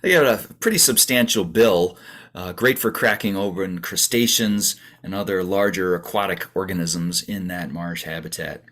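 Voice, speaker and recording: A man directing a nature center, giving a relaxed, chatty narrated birding tour with plenty of fillers and the odd imitated bird song. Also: low-pitched, moderate pace.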